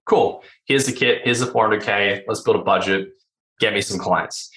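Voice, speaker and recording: Podcast guest, male, lowish pitch, bright energetic delivery, rhetorical, echoey room. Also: quick pace. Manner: energetic, rhetorical, acts out clients' voices. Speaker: branding agency founder, podcast guest. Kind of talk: podcast interview explanation.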